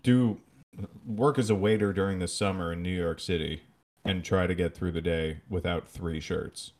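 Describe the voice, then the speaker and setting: A man co-hosting a podcast, telling stories in animated, casual chat. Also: deep voice, normal speed. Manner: animated, laughing storyteller. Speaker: podcast co-host.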